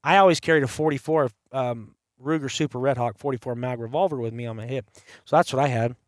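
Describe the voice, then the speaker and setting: A man's voice: medium pitch, fast talker, no echo, studio quality. A man telling a long hunting story in casual chat as a podcast host, acting out the voices of people he quotes. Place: campside.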